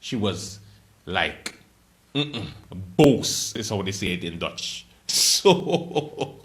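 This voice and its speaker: A man hosting a late night comedy show, delivering a joking monologue with loud outbursts, laughter and quiet asides. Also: extremely slow. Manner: animated, laughing, swings between loud outbursts and low asides.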